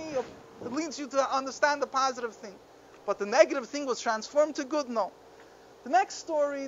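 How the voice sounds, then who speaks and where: Give me an earnest, high-pitched Torah teacher explaining stories in a Chassidic class, with a muffled, slightly noisy recording. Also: a bit bright. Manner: earnest, explanatory storytelling with frequent restarts. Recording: dull lo-fi recording with faint background noise.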